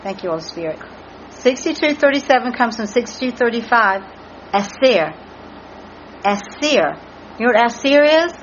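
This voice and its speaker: A woman's voice: on the high side, animated, fairly quick, slight background noise. Earnest woman teaching a Bible study. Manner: earnest, spells out Hebrew words letter by letter. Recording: muffled lo-fi recording with faint background ambience.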